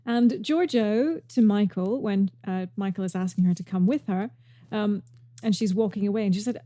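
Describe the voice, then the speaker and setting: A woman's voice: mid-range voice, moderate pace, warm tone, no room sound. A woman co-hosting a podcast, chatting and quoting favorite lines from a TV episode. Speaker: podcast co-host. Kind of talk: casual chat about a TV episode.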